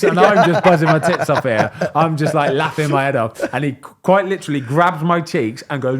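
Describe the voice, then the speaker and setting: A man, hosting a podcast and chatting casually, telling stories in a lively way and acting out what people said. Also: medium pitch, moderate pace. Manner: animated storyteller, voices quoted people. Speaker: podcast host. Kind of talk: casual chat.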